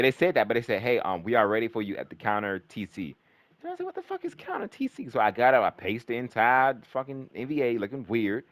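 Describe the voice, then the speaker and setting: On a dry recording, a young man with a medium-pitched voice tells a long, rambling story in casual chat. He's animated and profane, peppering his speech with "like" and frequent restarts.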